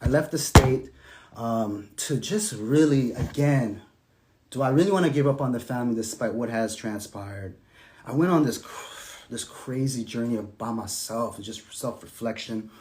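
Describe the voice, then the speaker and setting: A man talking casually and emphatically about his marriage, sometimes dropping to a soft, low tone as he recounts events. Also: moderate pace, slight background noise. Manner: animated and emphatic, sinking to soft, low tones when recounting. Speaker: estranged husband telling his side. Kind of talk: casual monologue.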